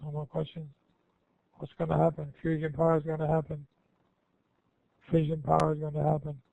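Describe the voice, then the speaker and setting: A man's voice: fairly high pitch, completely flat delivery, brisk, creaky. An older man giving an informal, rambling question-and-answer talk to students, folksy and often correcting himself. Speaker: guest speaker. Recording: tinny phone-like line.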